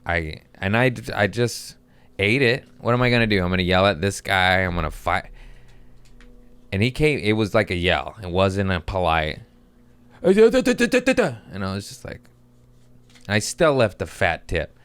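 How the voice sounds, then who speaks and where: A man's voice: sits low, normal speed, a bit bright, clear, resonant tone, dry recording. A man who is a comedian hosting his podcast, ranting in an exasperated, profane way with comic timing. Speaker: podcast host.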